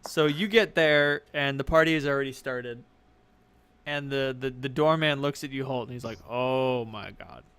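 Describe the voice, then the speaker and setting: Casual young male game master, smooth voice. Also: mid-range voice, normal speed, a bit bright, dry recording. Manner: casual, rambling with many fillers. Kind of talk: narrating a tabletop game.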